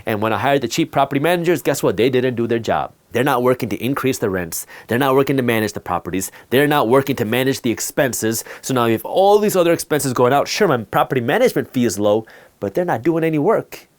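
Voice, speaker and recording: Male host for a finance talk. Lively pitch, punchy repetition, storytelling delivery. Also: fast. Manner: emphatic, repeats key words for effect.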